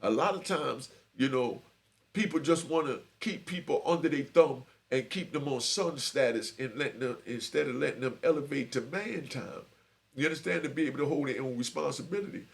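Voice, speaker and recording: A man's voice: medium pitch, a little fast, creaky. An older man, feeling unwell, telling a street story to younger listeners in a laid-back, streetwise way that keeps checking in with them. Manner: streetwise, keeps checking in with "you know what I mean"; laid back, lively, acts out quoted voices.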